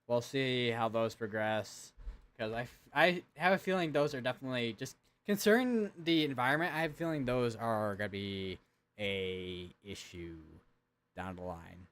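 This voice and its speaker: Young male storm streamer at a desk mic, mid-pitched, loose and chatty, lots of uhs, keys clicking behind. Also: fairly bright tone. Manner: casual, rambling, many fillers and restarts. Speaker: weather stream host. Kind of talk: live severe weather commentary.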